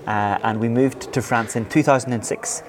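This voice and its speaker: With music playing behind him, a pastor and church planting leader from Northern Ireland, in his forties, answers interview questions in a steady, mid-range voice at normal speed. He's earnest but often restarts and uses fillers.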